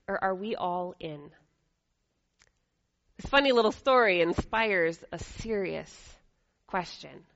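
A woman's voice: medium pitch, muffled recording. A woman pastor preaching a sermon and praying, telling a story with playful character voices.

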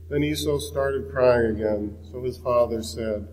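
A man reading a scripture passage aloud in a measured, solemn way. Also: mid-range voice, fairly even intonation, dark tone, long reverb tail, rough recording. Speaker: scripture reader.

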